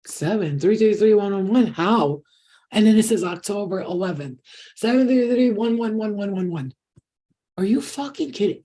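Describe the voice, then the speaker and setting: A woman reading tarot and channeling, telling stories in a casual, excitable livestream chat with lots of swearing. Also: fairly low pitch, breathy edge. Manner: excitable storytelling with frequent swearing.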